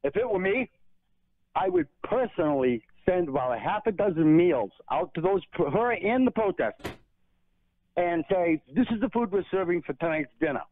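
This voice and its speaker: A man phones in to a radio talk show, heard through a narrow, tinny telephone line. His voice sits a bit high and dry as he earnestly argues his points one by one. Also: big pitch swings, normal speed, no echo. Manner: earnest, argumentative. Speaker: caller.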